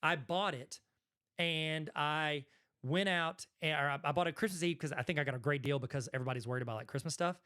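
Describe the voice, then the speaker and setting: A man's voice: a little high, a little fast, pushed and bright, clean tone. A man from Arkansas with a Southern accent, hosting a casual commentary video and talking in a rambling, conversational way with frequent self-corrections. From Arkansas, USA. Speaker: host, card collector.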